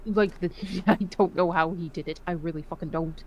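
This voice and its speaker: A woman who served in the Navy, telling profane, animated stories in a casual voice chat. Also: on the low side, fairly quick. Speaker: Navy veteran storyteller.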